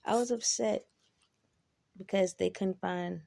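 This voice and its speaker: A woman's voice: medium pitch, fairly even intonation, slow pace, gravelly, warm tone. A woman telling personal stories in a laid-back, rambling way, swearing freely and adding asides. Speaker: vlogger. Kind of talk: casual storytelling.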